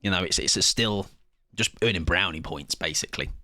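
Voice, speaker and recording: A young man streaming a game, chatting loudly and energetically with his viewers and laughing often. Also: sits low, fairly quick, dry recording. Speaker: livestreamer. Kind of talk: casual gaming livestream chat.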